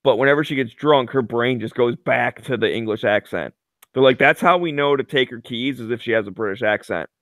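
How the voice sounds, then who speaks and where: A man's voice: medium pitch, brisk, a bit bright, no room sound. A man telling a rambling story in casual chat, full of "like" and fillers.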